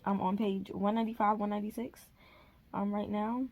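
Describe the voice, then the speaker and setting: A woman's voice: mid-range voice, flat delivery, brisk, dry recording, phone-quality sound. A woman chatting casually to her camera at home for a reading vlog, rambling with many fillers. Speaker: reading vlogger.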